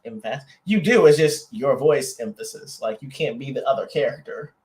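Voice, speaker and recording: A man co-hosts a casual couples podcast, his voice at an ordinary middle pitch. He rambles through restarts and fillers and teases his partner playfully. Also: animated, normal speed, a little mellow. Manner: playful teasing. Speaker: podcast co-host.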